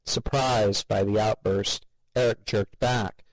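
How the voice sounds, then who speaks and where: A man with a lowish, gravelly voice slowly and steadily narrates a scripted story, reading all the character voices himself like an audiobook reader. The audio is poor, without echo.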